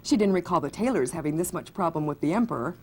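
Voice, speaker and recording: A woman's voice: sits low, animated, fast, a little hiss or hum. A woman author from the United States, reading from her novel and chatting about her writing with many fillers.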